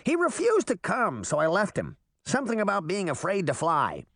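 A man's voice: high voice, huge pitch swings, moderate pace, fairly bright tone, dry recording, studio quality, voice pushed up, exaggerated voice. A man voicing a cocky, mischievous boy fairy who talks in a smug, flippant way in an audiobook.

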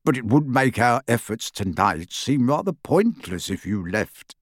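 A man reading aloud, voicing a kind middle-aged father who speaks quietly and calmly. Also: medium pitch, unhurried, dry recording, clean studio sound. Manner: quiet, soothing.

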